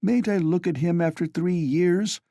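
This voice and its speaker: A man's voice: sits high, fairly even intonation, moderate pace, creaky, warm tone, dry recording, clean studio sound, voice pushed up. A man voicing an anxious, timid middle-aged mother who pleads and frets. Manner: pleading, fretful.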